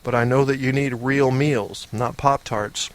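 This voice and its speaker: A man's voice: mid-range voice, fairly even intonation, measured pace, slight background noise. A man hosting a call-in comedy podcast who is talking while sick, rambling in a boisterous, self-mocking way. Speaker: podcast host. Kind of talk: casual comedy monologue.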